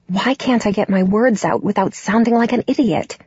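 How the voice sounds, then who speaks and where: A woman's voice: lowish voice, steady tone, normal speed, few pauses, breathy edge, dry recording, dull audio. A woman narrating a romance audiobook in the first person, in an intimate, inward way.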